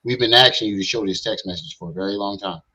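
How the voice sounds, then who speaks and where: A man comments casually on a stream, blunt and skeptical as he picks apart what he hears. His voice is bright and forward. The audio is a little dull and muffled. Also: fairly low pitch, quick pace, slightly rough. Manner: blunt, skeptical, talks back at the clip. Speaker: livestream commentator.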